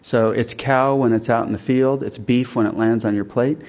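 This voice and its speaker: A man delivers a public talk on literary tradition in a middle-pitched voice. He speaks thoughtfully, stopping and restarting as he works out his ideas, and breaks into old verse recited aloud. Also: fairly even intonation, darkish tone. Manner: thoughtful, halting with fillers and restarts. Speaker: author giving a talk. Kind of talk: public lecture.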